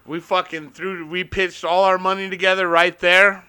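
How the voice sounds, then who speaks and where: A man's voice: high voice, level tone, moderate pace, bright, forceful tone, clean tone. A young man casually telling a rowdy story, rambling and swearing constantly, laughing at his own tale.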